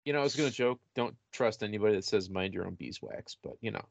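Low-voiced man with wry asides. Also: fast talker, gravelly, dry recording. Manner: brief wry comments with laughter. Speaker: podcast co-host. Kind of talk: casual movie chat.

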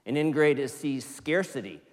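A man's voice: mid-range voice, normal speed. Man preaching in an echoing church. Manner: animated, playful voices for quoted excitement. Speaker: pastor. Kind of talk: sermon. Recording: church hall reverb.

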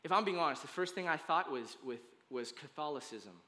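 A man serves as pastor, delivering a sermon in a bright, high voice. He talks casually and emphatically, with slang and quick restarts. The sanctuary around him adds a long, ringing reverb. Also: lively intonation. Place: church sanctuary.

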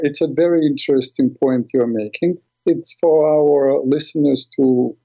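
A man hosting a radio call-in show as a mental health practitioner, calm and affirming, with frequent fillers. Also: mid-range voice, vocal fry, highs cut off.

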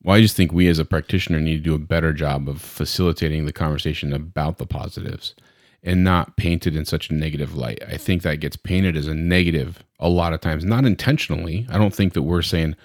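A man's voice: extremely low pitch, fast, no room sound, clean studio sound. A man who works as a medical practitioner, talking casually and jokingly in a podcast conversation. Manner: animated, joking, acts out patients.

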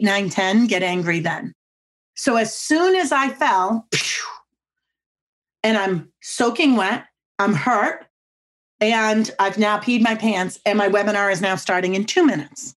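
A woman appears as a podcast guest speaking about body language, telling lively anecdotes and acting out other people's lines with big jumps in pitch. She speaks emphatically and keeps coming back to her own catchphrases in animated storytelling.

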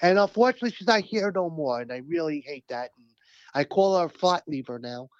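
A man speaking as a union representative, telling stories in an animated, emphatic, profane way during a casual interview. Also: fairly high pitch, fairly quick, no room sound, highs cut off.

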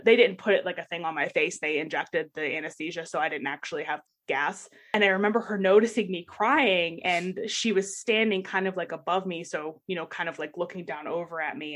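A young woman casually telling a personal story in a podcast chat, laughing often and acting out the voices of the people she quotes. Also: lowish voice. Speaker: guest sharing personal story.

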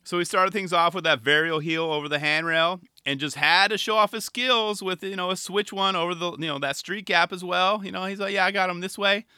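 A man giving a jokey, rambling reaction commentary on a skateboarding video. He jumps from loud asides to quiet mumbles. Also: high voice, brisk, few pauses, smooth, dry recording, studio quality. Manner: animated, jokey, trails off into mumbles.

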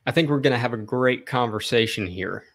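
A man's voice: medium pitch, fairly quick, a bit bright. A man in his twenties, a podcast guest, explaining himself in a friendly, earnest way at length. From American South. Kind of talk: casual interview chat.

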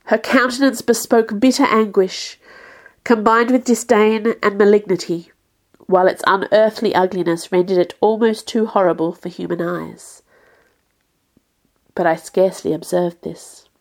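Woman, audiobook narrator, measured expressive first-person reading, mid-pitched voice. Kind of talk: scripted literary narration.

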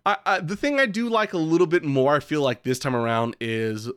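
A man co-hosts a podcast in a relaxed, rambling way, joking and throwing in profanity. His voice is smooth and clean, and the close microphone leaves almost no room sound. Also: fairly high pitch, a little fast, dry recording. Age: adult who calls himself old. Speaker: podcast co-host. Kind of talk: casual chat.

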